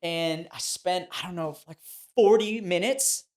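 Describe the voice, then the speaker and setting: A man in his thirties, a podcast guest, telling stories in a chatty, animated way and laughing as he goes. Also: sits high, measured pace. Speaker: guest, former child actor turned boxing trainer. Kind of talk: casual podcast storytelling.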